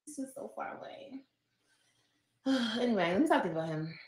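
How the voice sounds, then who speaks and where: A woman's voice: a little high, lively intonation, fairly quick, a little mellow, echoey room, low-quality recording. A woman from Los Angeles vlogging, talking candidly and rambling straight to her viewers. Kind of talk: chatty vlog talking to viewers.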